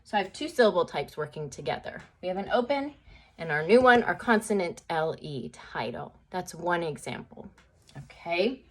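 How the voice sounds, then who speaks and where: Lower-voiced woman teaching phonics. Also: lively intonation, normal speed. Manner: sing-song, encouraging, frequent okay checks. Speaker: second grade teacher. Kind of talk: phonics lesson to young children.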